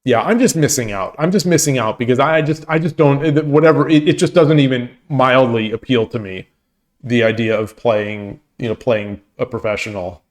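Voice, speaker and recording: A man chats casually on his own stream in a loose, rambling way, often stopping to restart a thought. His pitch sits in the ordinary middle range for a man. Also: normal speed. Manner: rambling, full of restarts and laughter. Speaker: streamer and host. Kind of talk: casual chat with stream viewers.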